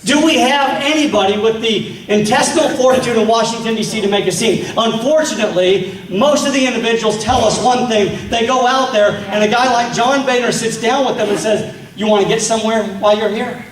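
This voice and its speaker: Captured from far away in an echoey meeting hall, with a little hiss or hum, a political speaker talks briskly in an extremely high voice. His speech is fiery, whipping up the crowd with rhetorical questions.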